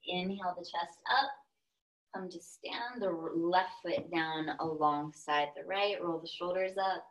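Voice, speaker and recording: A young woman with a Texan accent, a yoga instructor giving calm step-by-step cues with playful asides. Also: lowish voice, measured pace, rough recording. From Texas, US. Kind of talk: guided yoga class cues.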